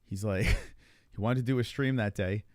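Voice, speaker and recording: A male podcast host tells stories in a loose, rambling way, animated and swearing freely in casual chat. His voice is lowish at a normal speed, and the recording is dry, with clean studio sound.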